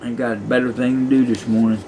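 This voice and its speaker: Gravelly profane man in his sixties. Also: medium pitch, little pitch movement, fast, dark tone, a little hiss or hum, rough recording. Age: 60s. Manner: profane, meandering, chuckling. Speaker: retired prison guard telling stories. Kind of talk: rambling casual storytelling to camera.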